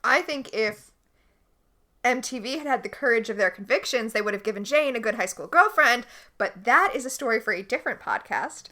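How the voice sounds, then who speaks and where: Recapping a TV episode on the casual podcast she co-hosts, a woman tells the story with animated enthusiasm. She sounds bright and forceful with a slightly high voice, her pitch swinging widely from line to line, and she speaks fairly quickly.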